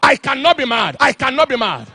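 Guy preaching hard, husky voice, pitch jumping all over. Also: big pitch swings, brisk, no room sound. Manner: impassioned preaching, shouting and chanting phrases. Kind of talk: sermon.

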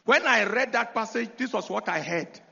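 A man preaching a sermon, telling a story dramatically and bursting into shouted commands. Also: high voice, animated, normal speed, gravelly. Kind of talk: sermon with testimony. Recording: dull lo-fi recording.

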